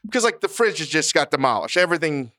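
Male podcast co-host, profane and self-mocking, bright smooth voice, dry studio sound. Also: fairly high pitch, sing-song, fast talker, no echo. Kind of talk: casual chat.

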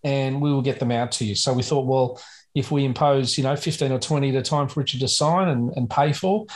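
A man co-hosting a podcast, talking slowly and haltingly with many fillers. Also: medium pitch. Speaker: podcast co-host. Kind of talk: casual podcast chat.

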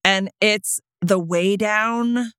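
Woman podcast co-host, 30s, teasing and playful, dry close mic, mid-range pitch. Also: very slow, fairly bright tone, clear, resonant tone, no echo. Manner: playful, teasing, laughs often. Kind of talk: casual chat.

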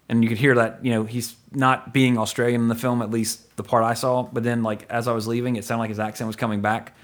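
A man hosting a movie podcast, rambling and joking in casual chat, swearing now and then. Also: mid-range voice. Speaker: podcast host.

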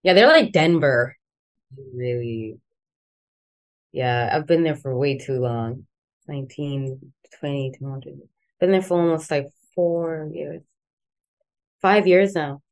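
Low-voiced South African woman. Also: takes it slowly, long pauses. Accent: South African, softened toward American. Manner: relaxed, rambling, many "like" fillers, laughs easily. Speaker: guest, musician. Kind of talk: casual interview chat.

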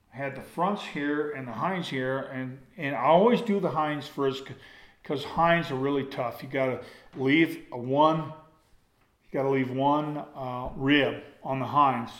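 A man's voice: mid-range voice, a bit bright, reverberant. An older man telling a rambling, folksy story to an audience in a casual way, acting it out as he goes. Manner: folksy, rambling, acts out with gestures.

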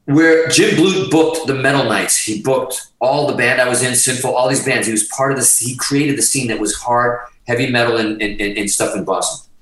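A middle-aged man, a guest musician, telling a story in a casual, animated way, swearing constantly and restarting his sentences. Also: mid-range voice, moderate pace, few pauses. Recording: roomy sound, distant from the mic.

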